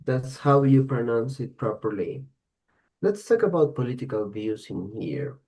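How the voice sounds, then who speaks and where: A man's voice: medium pitch, sing-song, unhurried, dark tone. A man teaching an online English class, giving praise and repeating words for students to copy.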